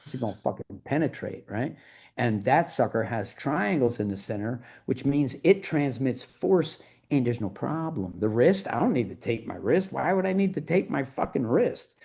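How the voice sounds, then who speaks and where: A man's voice: mid-range voice, lively intonation, moderate pace, vocal fry, darkish tone, husky. A middle-aged man as an interview guest, talking in a fired-up, emphatic and profane way. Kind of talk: podcast interview.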